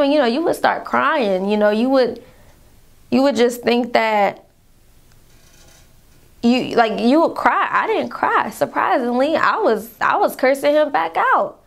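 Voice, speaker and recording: A woman's voice: on the high side, expressive, measured pace, creaky. A young woman telling a painful personal story to her viewers in a vlog, rambling, calling them y'all, fighting back tears. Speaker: vlogger.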